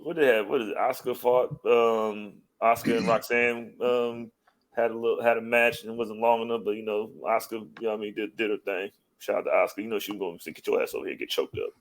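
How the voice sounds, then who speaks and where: Low-key man who laughs often. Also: level tone, fast. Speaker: podcast co-host. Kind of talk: casual chat. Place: podcast studio.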